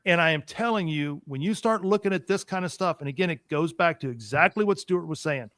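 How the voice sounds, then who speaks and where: A man's voice: fairly high pitch, a little fast, fairly bright tone, no echo, clean studio sound. A man hosting a talk show, ranting emphatically about politics and repeating his points as he gets worked up.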